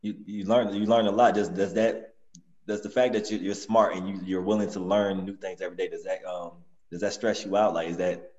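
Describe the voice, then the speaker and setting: A man hosting a casual podcast, affirming his guest and asking questions in a halting way. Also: low voice, level tone, darkish tone. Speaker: podcast host. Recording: dull, roomy, distant mic.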